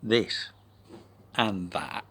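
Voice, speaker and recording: A man telling a rambling personal anecdote, full of asides and now and then dropping into a soft whisper. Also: on the low side, fairly even intonation, extremely slow, creaky, husky. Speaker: vlogger.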